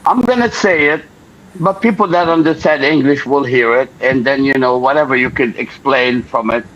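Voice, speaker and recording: An older Lebanese man, a guest in an interview, tells a story at normal speed in a mid-range voice. He's animated and acts out the voices of the people involved. The recording is dull and lo-fi.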